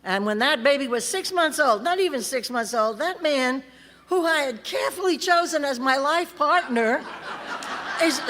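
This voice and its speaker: A woman's voice: high-pitched, fairly bright tone. A middle-aged woman telling her recovery story at a convention, wry and streetwise, laughing as she goes. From California. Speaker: AA convention speaker. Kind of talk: recovery talk, personal story. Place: convention hall. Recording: live convention hall reverb.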